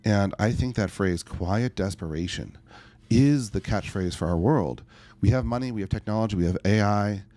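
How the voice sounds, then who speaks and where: A man who works as a life coach, appearing as a podcast guest, tells stories emphatically in a conversational interview. His voice is fairly low and he speaks at a normal speed, animated throughout.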